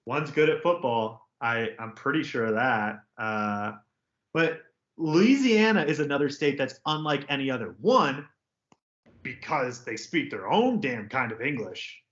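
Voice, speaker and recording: A man co-hosting a sports podcast, ranting in a sarcastic, jokey, animated way. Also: mid-range voice, a little slow. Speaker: podcast co-host. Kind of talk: casual sports chat. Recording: roomy, slightly dull podcast audio.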